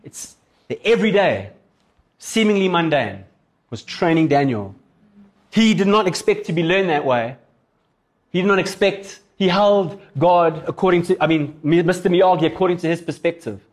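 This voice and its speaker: A man preaching a sermon as a pastor, telling a story in a casual, animated way. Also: sits high, moderate pace.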